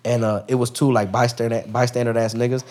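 A man guesting on a podcast, telling a story in casual, profane street slang, with lots of "bro" and lively acted-out lines. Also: mid-range voice, fast. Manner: acts out other people's lines in raised voices.

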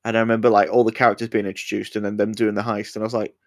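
A man's voice: on the low side, flat delivery, very fast, no room sound. A young man co-hosts a podcast in easy, casual chat. He rambles and swears a lot, joking along. His voice sounds dry and close to the mic. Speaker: podcast co-host.

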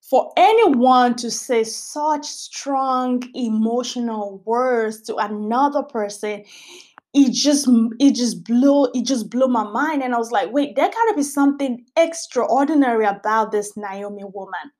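This Bible study podcast host is a woman whose voice is highish with a darkish tone and a measured pace. She reads scripture and teaches in an earnest, casual way, repeating phrases often for emphasis.

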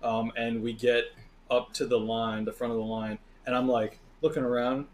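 A man's voice: mid-range voice, moderate pace. A man in casual chat about a video game, retelling his playthrough and acting out characters with bursts of laughter. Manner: animated storyteller who acts out game characters.

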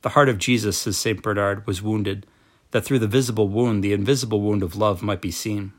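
A man with a fairly low voice reads a devotional text aloud. His delivery is slow and measured, with a solemn tone throughout. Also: fairly even intonation. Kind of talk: reading a devotional book aloud.

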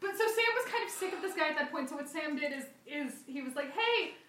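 Young woman co-host, high and bright, animated and giggly, recorded off-mic in a roomy garage. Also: quick pace, a loud crowd. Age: young adult. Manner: animated, laughing, many restarts. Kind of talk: casual chat, storytelling. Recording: echoey garage, mic at a distance.

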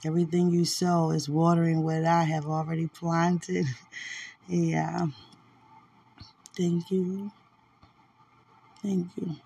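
A drowsy woman speaks in a slow, unhurried drawl, her voice husky and gravelly with fry. She talks softly and affectionately in a casual, faith-filled chat, often trailing into quiet murmurs. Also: low-pitched, flat delivery. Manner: soft, drowsy and affectionate, with frequent laughs. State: sleepy. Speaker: podcast host.

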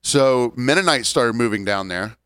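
40s guy, smooth clear voice, wry ranty podcast chat. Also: mid-range voice, expressive, moderate pace, fairly bright tone, dry recording. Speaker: podcast co-host. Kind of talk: casual chat.

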